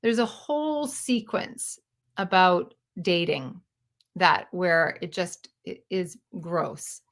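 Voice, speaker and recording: A woman's voice: fairly low pitch, big pitch swings, slow pace, fairly bright tone. A woman in her fifties, a storyteller and stage performer, talking through a reflective personal monologue in an earnest, searching and self-questioning way. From Canada. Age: 50s.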